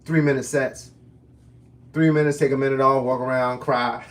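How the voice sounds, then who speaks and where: Man in his fifties, fitness coach, live-stream Q&A, casual folksy slang, mid-pitched voice. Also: steady tone, moderate pace, far from the mic. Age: 50s.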